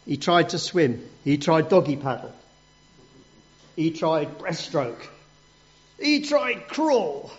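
A man telling a story to a group of children in an animated, playful way. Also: mid-range voice, measured pace, dull audio.

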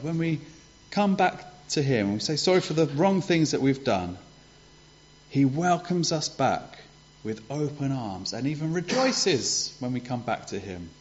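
A man retelling a parable in a conversational way for a congregation, asking rhetorical questions, on a dull lo-fi recording. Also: medium pitch. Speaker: preacher giving a children's talk.

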